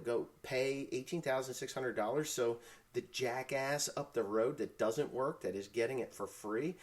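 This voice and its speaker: A man hosts his own farm talk show and rants with blunt, heated force. He swears freely and keeps working himself up. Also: mid-range voice. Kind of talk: casual ranting live chat.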